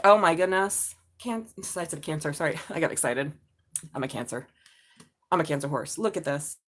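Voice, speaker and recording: A woman in her forties giving a live-streamed tarot reading, talking excitably, swearing freely and often breaking into laughter. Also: lowish voice. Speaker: tarot reader.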